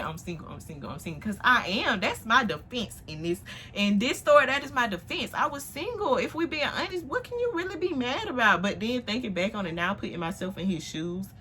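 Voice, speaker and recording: A woman in her twenties telling a story in casual vlog chat to a phone camera, animated, dropping to hushed asides and jumping up to loud exclamations. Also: mid-range voice, slight background noise. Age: 20s. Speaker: vlogger. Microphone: phone on tripod.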